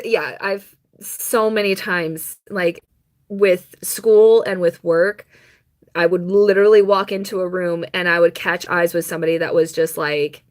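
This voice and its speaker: A young woman chats on a live stream, her voice on the low side and a bit bright. She tells a rambling personal story, punctuated by quick laughs and mock quotes.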